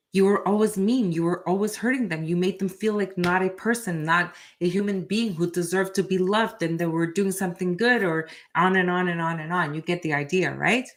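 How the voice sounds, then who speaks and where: A middle-aged woman hosting a live reading, talking straight to her viewers in a direct, chatty way and often asking "right?". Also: fairly low pitch. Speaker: tarot reader and channel host.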